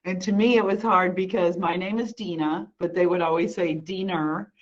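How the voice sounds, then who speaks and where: A woman with a lower voice tells an animated personal story on a video call. The audio is dull and lo-fi. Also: brisk. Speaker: panel participant. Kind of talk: casual anecdote on video call.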